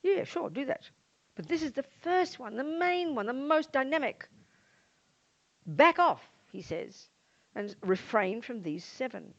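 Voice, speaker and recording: An older woman with an Australian accent, a Buddhist nun giving a lively dharma talk to a live audience and acting out the voices she quotes. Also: high-pitched, normal speed. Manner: animated, acts out quoted voices. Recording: muffled lo-fi talk recording.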